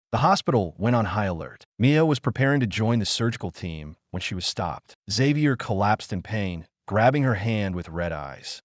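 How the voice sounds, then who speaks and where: A male narrator reading a scripted dramatic story in an emphatic way. His voice is low with very lively pitch movement, and the recording is dry and close. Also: no room sound.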